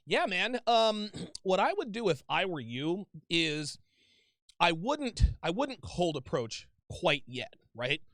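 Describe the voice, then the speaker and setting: A man's voice: high voice, sing-song, slow pace, a bit bright, no echo, studio quality. A man hosting a call-in advice show, talking bluntly and emphatically with plenty of swearing. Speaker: host taking calls.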